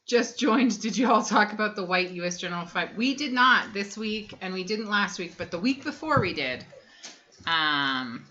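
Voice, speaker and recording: Rambling, bright-voiced woman on a lo-fi stream. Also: medium pitch, animated, normal speed. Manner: chatty, rambling, many ums, reads comments aloud. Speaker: livestream co-host reading chat. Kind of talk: casual family livestream chat. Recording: dull lo-fi stream audio.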